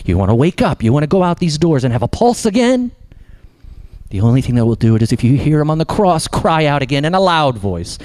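A man preaching a sermon as pastor, impassioned, swinging from loud emphatic lines to slow hushed ones. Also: on the high side, big pitch swings, no echo.

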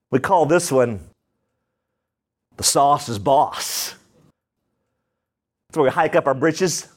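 A man pastor preaching a sermon, acting out prayers with dramatic rises and drops in his voice. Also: on the high side.

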